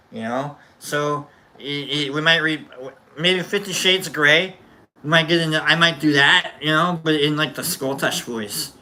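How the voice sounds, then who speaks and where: Bright rambling man chatting casually. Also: fairly high pitch. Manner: rambling, self-interrupting, jokey. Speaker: host. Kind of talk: casual chat.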